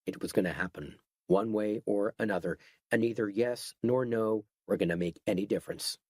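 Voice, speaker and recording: A man giving steady, scripted narration of a horror audiobook. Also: fairly low pitch, moderate pace, dry recording.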